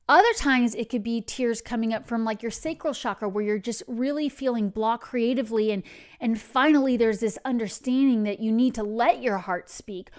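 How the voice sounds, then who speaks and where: Earnest, slightly high-voiced spiritual host. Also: female voice. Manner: earnest, meandering, digressive. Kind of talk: spiritual advice monologue.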